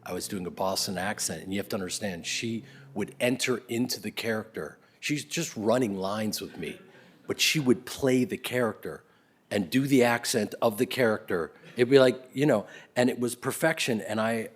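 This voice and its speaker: A middle-aged man speaks in a fairly low, husky voice as he gives a tribute. He tells his stories in waves, loud and laughing at one moment, then dropping to a near-whisper. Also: normal speed. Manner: swings between loud laughing bursts and soft near-whispers. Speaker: eulogy speaker. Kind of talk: spoken tribute, storytelling.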